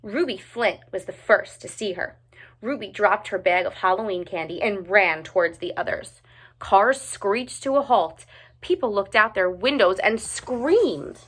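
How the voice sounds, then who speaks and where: A woman reads a children's picture book aloud with lively expression. Her voice is bright and clear, and her pitch moves a lot from line to line. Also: unhurried. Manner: expressive, animated narration. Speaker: storyteller.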